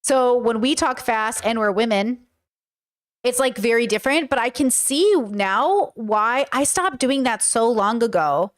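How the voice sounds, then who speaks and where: A woman's voice: a little high, animated, measured pace. A woman with a Californian accent giving chatty, self-reflective reaction commentary. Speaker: host reacting to a clip.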